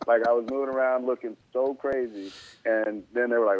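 A man's voice: mid-range voice, fairly quick, no echo. A man, a former pro ballplayer, telling a story in a laid-back, slangy way as an interview guest, rising to disbelief at times. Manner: laid-back, slangy, animated when incredulous. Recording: tinny phone-like sound.

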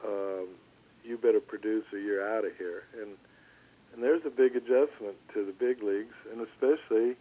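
Older male guest on a phone line, relaxed and rambling, plenty of restarts. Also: fairly low pitch. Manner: relaxed, halting, lots of restarts. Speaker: former pitcher, guest. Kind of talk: storytelling interview.

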